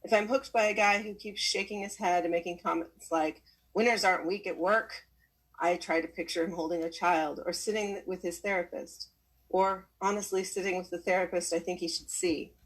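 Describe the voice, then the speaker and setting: A woman reads a personal story aloud at a measured pace, slowing down to lean on key words. Her voice sits a little low and is husky, with a breathy grain. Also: steady tone, rough recording. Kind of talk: reading a memoir aloud.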